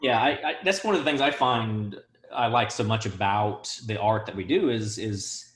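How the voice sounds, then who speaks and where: A man's voice: lowish voice, normal speed, reverberant. A man hosting an interview, asking questions in a hesitant way with many fillers. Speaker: host, theatre program director. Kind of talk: casual interview.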